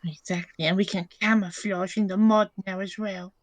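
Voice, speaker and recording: A woman's voice: medium pitch, fairly even intonation, normal speed, no room sound, poor audio. A woman playing a tabletop game, giggly and playful as she describes her character's actions. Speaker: player.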